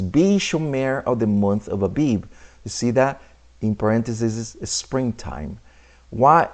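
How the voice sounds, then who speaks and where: A man's voice: mid-range voice, a little mellow. Emphatic man teaching scripture. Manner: emphatic, asks rhetorical questions; halting, restarts words.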